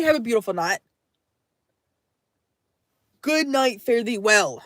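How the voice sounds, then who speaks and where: A woman's voice: on the high side, very animated, measured pace, long pauses, no room sound, studio quality. A young adult woman live streaming late at night, reading chat aloud in a playful, theatrical way.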